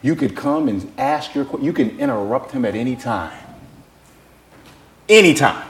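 A man preaching a sermon, jumping between shouted scripture and quiet, folksy asides as he tells stories. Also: medium pitch, normal speed, slight background noise. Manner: animated, swinging from shouted scripture to near-whispered asides; folksy, conversational storytelling.

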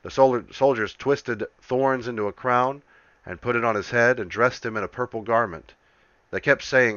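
Man, scripture reading, solemn, measured, bright tone, dry close sound, dull lo-fi. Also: fairly low pitch, dry recording. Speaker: scripture reader.

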